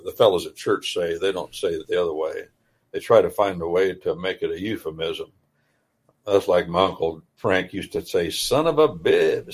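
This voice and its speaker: Man, radio host, husky voice, lowish pitch, folksy emphatic scripture talk. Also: darkish tone. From United States. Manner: folksy, emphatic preacher-like delivery.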